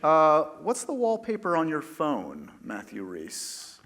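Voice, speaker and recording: A man hosting a live on-stage interview, asking quick, playful, teasing questions. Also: on the high side, huge pitch swings, fairly bright tone. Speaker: interviewer host. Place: stage before a live audience. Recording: long hall reverb.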